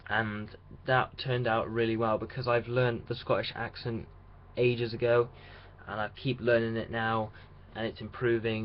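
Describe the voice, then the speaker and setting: A young man talking through a casual video diary about his radio drama rehearsals, chatty and rambling with restarts. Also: on the low side. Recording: dull lo-fi sound with faint hiss.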